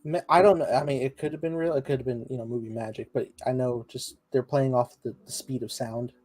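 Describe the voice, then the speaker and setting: A man's voice: mid-range voice, fairly even intonation, a little fast, a little mellow, no echo. A young man co-hosting a podcast, chatting casually about films with many fillers. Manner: rambling, lots of "like" fillers. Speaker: podcast co-host. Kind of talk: casual movie review chat.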